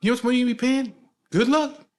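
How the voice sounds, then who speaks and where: A man's voice: very high-pitched, pitched above the performer's own voice. A man voicing his strict, hot-tempered father, cursing and scolding with a barrage of questions. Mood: exasperated. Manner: yelling, cursing, scolding rapid-fire questions.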